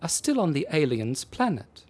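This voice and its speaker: A man puts on a composed woman in a storybook reading, her steady and precise, her voice pitched up and swinging lively over each phrase. She stays calm and matter-of-fact whatever she is asked. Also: normal speed, slightly rough, heavily acted. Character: calm unflappable German woman abductee.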